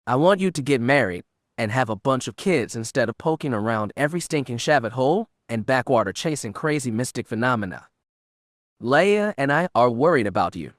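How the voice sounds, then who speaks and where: A man voicing a drunk, gruff smuggler with a slurred drawl. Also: mid-range voice, very animated, brisk, no room sound, studio quality, close to an everyday voice. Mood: exasperated. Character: drunk, gruff middle-aged male smuggler. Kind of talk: audiobook character reading.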